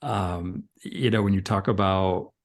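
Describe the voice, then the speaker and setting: A man speaking as a podcast guest and coach, earnest and halting, with many fillers and restarts. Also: low-pitched, steady tone. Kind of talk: casual podcast conversation.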